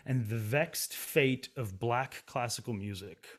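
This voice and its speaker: Guy singer talking opera stuff, candid and animated, laughs a lot. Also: medium pitch, measured pace. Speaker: opera singer and music writer, guest. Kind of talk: casual interview conversation.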